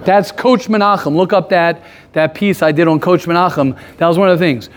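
A man teaching a casual class, animated, firing rhetorical questions and repeating his points. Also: high-pitched, brisk. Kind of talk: casual lively classroom talk.

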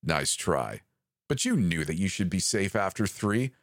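A man voicing a creature calling over the radio, pleading at first and then taunting and menacing, with a raspy edge. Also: sits low, sing-song, measured pace, no room sound, clean studio sound, heavily acted.

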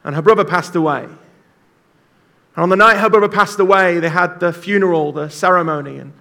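Male pastor with a high voice, animated sermon storyteller. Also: normal speed, gravelly. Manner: animated storytelling, calls on the congregation.

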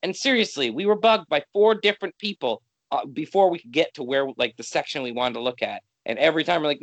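A man's voice: on the high side, expressive, fast talker, few pauses, no room sound, lo-fi sound. A man from Canada co-hosting a podcast, chatting casually and ranting with exasperation. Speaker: podcast co-host. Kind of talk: casual chat.

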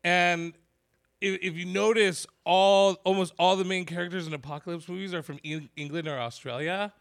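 A man's voice: high-pitched, steady tone, normal speed, creaky, a bit bright. A man co-hosting a podcast in casual chat, chatty and rambling, often laughing. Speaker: podcast co-host.

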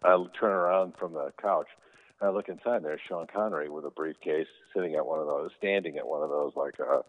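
Man, actor, interview guest, very low voice, rambling casual stories, tinny lo-fi line. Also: fairly quick. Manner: easygoing, rambling, lots of fillers. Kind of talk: casual anecdote telling. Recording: tinny phone-like sound.

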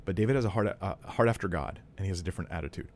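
A man teaching from the Bible, reading scripture aloud and adding casual, emphatic asides, often clearing his throat. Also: sits low, rapid-fire. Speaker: Bible teacher critiquing a preacher.

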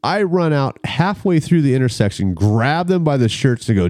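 A man telling a story in a casual chat, animated and acting out the people in it. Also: medium pitch, moderate pace, few pauses, no room sound, clean studio sound.

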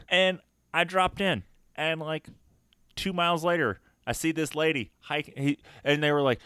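A man co-hosting a podcast, telling a trail story in a profane, animated way and acting out the exchanges. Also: on the high side, unhurried, clear, resonant tone, no room sound, studio quality. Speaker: podcast co-host. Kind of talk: casual chat, storytelling rant.

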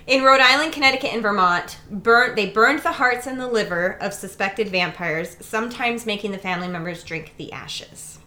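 Female podcast co-host, New England-raised, crisp bright tone, casual storytelling. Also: medium pitch. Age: adult. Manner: chatty storyteller, quick asides. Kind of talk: casual chat.

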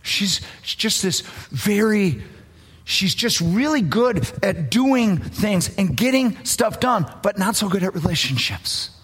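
A woman's voice: mid-range voice, very animated, takes it slowly, slightly rough. A woman preacher delivering a sermon, telling a story with earnest swells and drops in emphasis.

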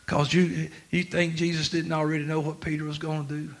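A man preaching a sermon, dropping to quiet talk and then rising to shouts with laughter. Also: fairly high pitch, flat delivery, brisk, vocal fry. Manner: swings from quiet to shouting, laughing through lines.

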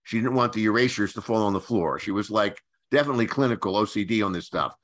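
An older man from the Philadelphia area, a guest screenwriter telling anecdotes in a halting way, with many restarts and fillers. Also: lowish voice. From Philadelphia area, USA. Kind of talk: anecdotal storytelling.

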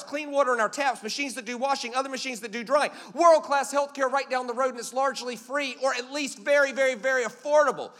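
A man's voice: very high voice, fairly bright tone, long reverb tail. A man preaching a sermon as a pastor, emphatic and punchy, telling stories with jokes.

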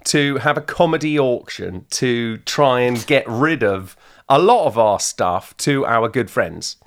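A man's voice: medium pitch, expressive, unhurried. A man co-hosting a podcast, chatting casually and playfully with frequent restarts. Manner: playful, jokey, hesitant restarts. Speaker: podcast co-host. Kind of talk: casual chat.

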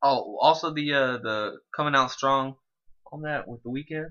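Chill guy breaking down an album, bright voice, slangy, kinda muffled audio. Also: medium pitch, moderate pace, smooth. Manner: laid-back, slangy, works through thoughts with restarts. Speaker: music podcast co-host. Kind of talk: casual music review chat.

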